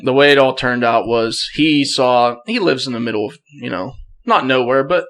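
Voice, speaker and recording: Bright-voiced man telling a hunting story. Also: medium pitch, moderate pace. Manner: animated, laughs through the story, throat clearing. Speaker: podcast guest. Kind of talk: casual storytelling.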